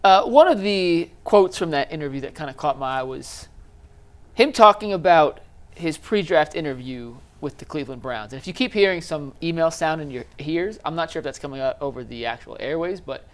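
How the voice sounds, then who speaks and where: A man hosting a casual sports talk show, steering the discussion with quick questions to his co-hosts. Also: on the high side, lively intonation. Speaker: show host.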